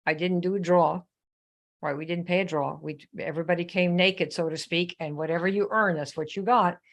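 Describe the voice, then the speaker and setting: A woman hosting a live coaching session, telling a story in a chatty, animated way and turning to viewers with questions. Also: fairly low pitch. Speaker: host. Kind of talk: live online coaching talk.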